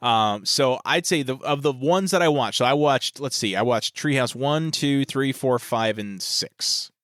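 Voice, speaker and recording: A man's voice: mid-range voice, measured pace, a bit bright, no room sound, studio quality. A man co-hosting a podcast in casual chat, easygoing and laughing often while recounting episodes. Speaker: podcast co-host.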